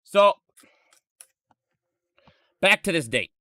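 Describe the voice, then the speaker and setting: A man in his thirties rants on a live stream, swearing constantly, his voice high and swinging wildly up and down. The tone is bright and edgy. The sound is dry and close. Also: lively intonation, very slow, no echo. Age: 30s. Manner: angry, profane, ranting.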